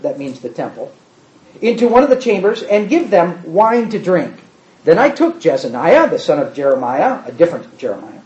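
A man preaching a sermon, reading scripture aloud and breaking in with quick explanatory asides. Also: sits high, mellow. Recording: roomy, slightly muffled.

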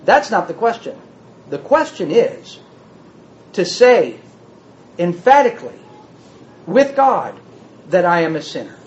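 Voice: medium pitch, sing-song, unhurried, long pauses, darkish tone, slight background noise. A preacher giving a teaching sermon who asks the listeners many rhetorical questions and plays with word meanings. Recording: dull roomy sound from a hall.

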